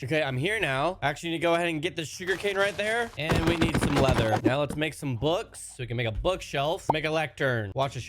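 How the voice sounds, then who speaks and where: A young man giving jokey, excitable commentary over his own game footage, with quick exclamations. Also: fairly high pitch, a little hiss or hum. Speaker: gaming YouTuber. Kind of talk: Minecraft gameplay commentary. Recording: voice-over with music behind.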